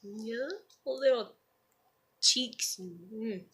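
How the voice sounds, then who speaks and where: A woman's voice: fairly high pitch, drawn-out words, a bit bright, slightly rough. A woman rambling casually to camera, swearing freely and leaning on "you know" and "like.". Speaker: vlogger.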